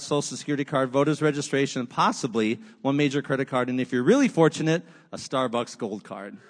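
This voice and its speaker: A man preaching a sermon, with repetitive rhetorical lists and casual conversational asides. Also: a little high. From United States. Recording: long hall reverb.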